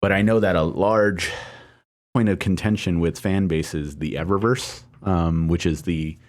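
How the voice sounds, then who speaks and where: A man with a very low voice chatting on a gaming podcast. He talks slowly and thinks out loud, with plenty of ums and restarts along the way. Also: fairly even intonation. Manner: hesitant, lots of ums and restarts, measured. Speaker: podcast co-host. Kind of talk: casual podcast discussion.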